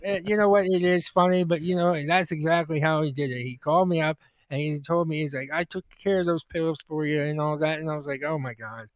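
A man co-hosting a comedy podcast who rambles through his anecdotes, laughing and stumbling over his words. His voice sits a little high, and the recording is dry and close. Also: fairly even intonation, fast, no echo. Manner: laughing, rambling, stammers and restarts. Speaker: podcast co-host. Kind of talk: casual comedy podcast storytelling.

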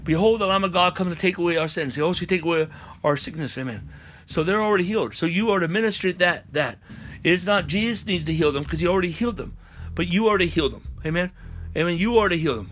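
A man's voice: sits high, quick pace, a bit bright, a little hiss or hum. Preacher man punctuating with hallelujahs. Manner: repeats hallelujah and amen between phrases; rises to chanting repeated lines. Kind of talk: sermon on a conference call.

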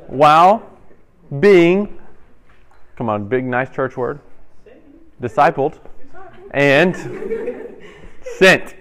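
Young male youth pastor, lightly raised pitch, joking interactive sermon style. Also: expressive, a bit bright. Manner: playful, quizzes the audience, quick asides. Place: church hall with audience.

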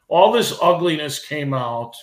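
A man's voice: a little high, animated, a little slow. A middle-aged man, a veteran wrestler guesting on a podcast, speaking emotionally and heatedly, repeating and restarting his words. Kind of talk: podcast interview. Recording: echoey room.

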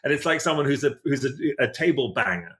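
A man's voice: mid-range voice, expressive, quick pace, fairly bright tone. Guy cohosting a podcast, chatty, rambles, lots of restarts. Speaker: podcast co-host. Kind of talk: casual chat.

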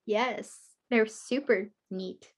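A woman with a high, bright-toned voice hosts a casual interview over a video call. She talks in a chatty, rambling way and giggles often. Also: steady tone, takes it slowly, husky. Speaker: guest host interviewer. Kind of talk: casual chat.

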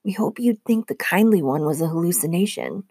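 A woman voicing a nervous, loyal teenage boy satyr who is quick to take offense, talking in a hurried, indignant way. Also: fairly low pitch, animated, mellow, husky, no echo. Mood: insistent.

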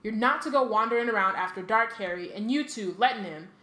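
A woman reading the lines of a huge, gruff male groundskeeper from a novel, in a thick voice. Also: medium pitch, a little fast, a bit bright, close to an everyday voice. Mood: scolding. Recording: echoey room with faint ambient noise.

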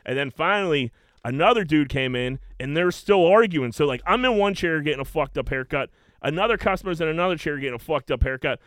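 A man in his thirties from Pittsburgh telling a long anecdote in casual podcast chat, swearing and animated. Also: on the high side, fast talker, no echo. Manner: animated anecdote teller, swearing, many fillers. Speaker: podcast co-host.

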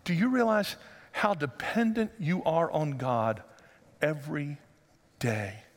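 A man preaching a sermon as pastor, conversational and joking, then rising to loud emphatic passages. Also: a little high, slow pace, long reverb tail.

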